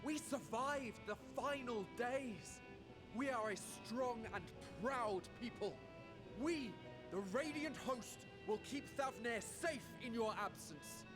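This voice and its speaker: A man's voice: extremely high pitch, animated, takes it slowly, exaggerated voice. A man voicing a loyal, earnest male guard commander who speaks fervently, in a game cutscene with music behind. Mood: devoted. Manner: earnest, fervent, sometimes dropping to a hush.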